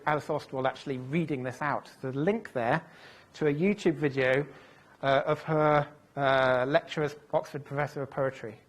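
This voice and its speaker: A man giving a recorded lecture, thinking aloud as he goes, with frequent fillers and self-corrections. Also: medium pitch. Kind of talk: recorded lecture walking through translations.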